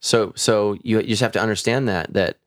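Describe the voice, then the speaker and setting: A man's voice: fairly low pitch, brisk, dry recording, studio quality. A middle-aged man, a pastor hosting a podcast, talking casually with frequent restarts. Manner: conversational, many restarts and stammers.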